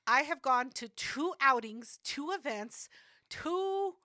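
A young woman talks on a podcast, loud and brash, and she swears a lot. Her voice is high and bright. It's a close, dry recording. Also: lively intonation, slow pace, no room sound. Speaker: podcast co-host. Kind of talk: casual chat.

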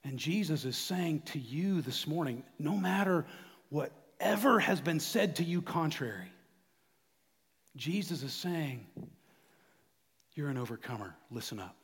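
Fervent high-voiced man preaching in a hall. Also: lively intonation, unhurried, breathy edge. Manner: fervent preacher, swings from hushed to shouting. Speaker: pastor. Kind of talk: sermon.

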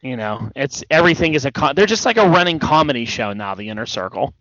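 A man's voice: mid-range voice, big pitch swings, quick pace, a bit bright, no room sound. Rambling man in casual wrestling chat. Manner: rambling, hesitant with many restarts. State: yawning, tired. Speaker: podcast co-host. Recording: dull dry podcast audio.

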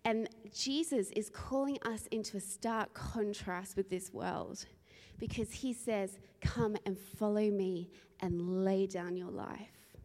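A woman from Australia, a preacher, opening a sermon with a lively, rambling personal story and frequent laughter. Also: mid-range voice, slow pace. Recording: long reverb in a large hall.

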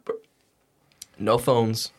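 A young man, a podcast guest, telling a story in a casual, animated, slangy and profane way. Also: mid-range voice, extremely slow.

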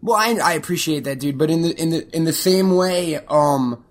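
A man's voice: fairly high pitch, normal speed. A man hosting a podcast, chatting casually in a joking, profane, rambling way with lots of restarts. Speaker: podcast host.

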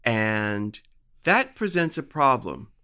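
A man's voice: medium pitch, sing-song, slow pace, sharp tone, clear, resonant tone. A man co-hosting a podcast, gossiping casually about a TV show and swearing now and then. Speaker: podcast co-host. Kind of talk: casual chat.

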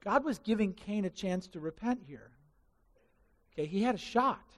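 Male pastor, sermon, high voice, animated delivery, acts out scenarios, long reverb. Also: moderate pace.

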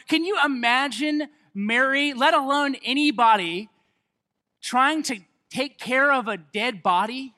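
A man preaching a sermon, reading scripture and building to loud, emphatic stretches. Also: very high voice, unhurried.

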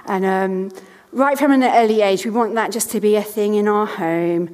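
A woman's voice: medium pitch, moderate pace, darkish tone, in a large hall. A woman in her thirties preaching a sermon from a church stage, telling family stories chattily and repeating key lines with earnest emphasis.

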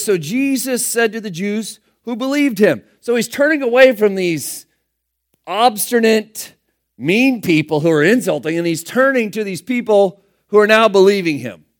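A man with a high voice preaches to his congregation. He retells scripture in a casual, talky way and acts out the characters' lines in everyday voices. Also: lively intonation, moderate pace. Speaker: pastor. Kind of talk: sermon.

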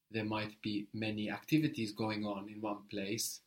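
Patient male language teacher. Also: fairly low pitch. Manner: patient, prompting and repeating answers slowly. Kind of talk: guided language lesson.

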